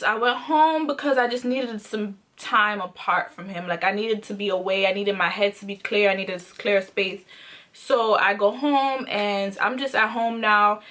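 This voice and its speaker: A woman's voice: on the high side, a bit bright. A young woman vlogger telling a personal story in a candid, emphatic way, repeating phrases for emphasis. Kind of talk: casual storytime monologue.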